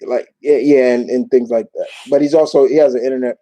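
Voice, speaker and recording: A man from New York hosting a casual live Q&A, talking in a rambling, animated way with many restarts. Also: medium pitch, fast talker, poor audio. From New York, United States. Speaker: YouTube show host.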